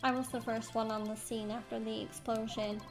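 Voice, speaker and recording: A woman's voice: fairly high pitch, little pitch movement, normal speed, lightly acted. A woman voicing a terse male bomb disposal expert who talks in clipped, robotic phrases over game music.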